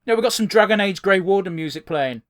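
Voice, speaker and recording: A young man co-hosting a podcast, reacting in casual chat, excitable, swearing freely and laughing often. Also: high voice, quick pace. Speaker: podcast co-host.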